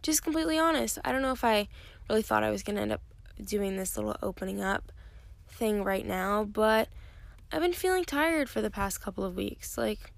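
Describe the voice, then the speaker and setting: A woman's voice: mid-range voice, expressive, moderate pace, creaky, no echo. A young woman hosting her own podcast, talking candidly and rambling with many fillers, tired and yawning. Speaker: podcast host. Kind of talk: casual solo podcast talk.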